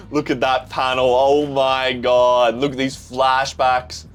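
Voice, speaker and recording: A young man with an Australian accent, excitedly reacting to a manga, swearing often and calling things crazy. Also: mid-range voice, takes it slowly. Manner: excitable, swears, says "bro" a lot. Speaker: manga reaction channel host.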